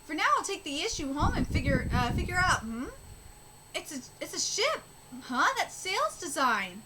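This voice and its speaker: High-voiced excitable woman streamer. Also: moderate pace. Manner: excitable, swears, stammers and restarts. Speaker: streamer reacting to a manga. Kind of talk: live reaction with reading aloud. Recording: steady background noise.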